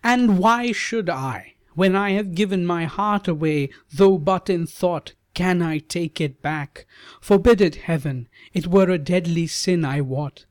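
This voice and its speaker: A man voicing a gentle, devoted young princess in an audiobook ballad, speaking earnestly and pleading. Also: high voice, measured pace, dry recording, clean studio sound, pitched above the performer's own voice.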